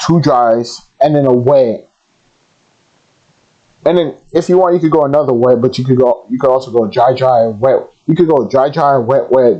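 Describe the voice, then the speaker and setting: A man's voice: mid-range voice, warm tone. A man hosting a reaction video, talking emphatically and rambling as he weighs in. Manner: emphatic, rambling, says bro. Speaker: reaction channel host. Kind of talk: casual reaction commentary. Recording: dull lo-fi mic.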